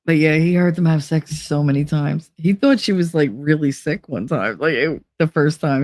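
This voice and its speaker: A woman's voice: deep voice, normal speed, darkish tone, dry recording. A young adult woman streamer chatting casually while reading quiz questions aloud, blunt, joking and full of profanity. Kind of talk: casual chat reading online quizzes aloud.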